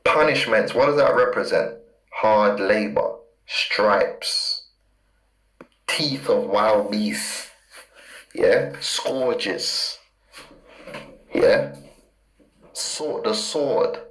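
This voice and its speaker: Man preaching hard, repeats words over and over, slow when reading verses, echoey sound. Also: on the low side, a bit bright. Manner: emphatic, repeats key words, reads verses slowly. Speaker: street preacher. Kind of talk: fiery scripture teaching. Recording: roomy echo.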